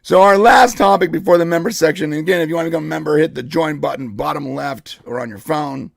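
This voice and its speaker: A hoarse man hosting a casual live podcast, leading the topics with excited chatter. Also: on the high side, quick pace. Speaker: podcast host.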